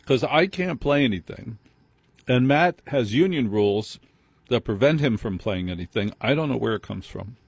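A man's voice: mid-range voice, lively intonation, moderate pace, creaky, husky, dry recording. A man hosting a late-night call-in radio show, chatting casually and interrupting callers to set up the topic.

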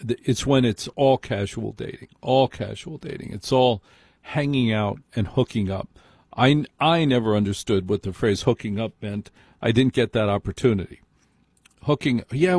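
Male talk radio host, husky and dry-sounding, opinionated chat with bits of mock dialogue. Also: medium pitch, darkish tone, dry recording.

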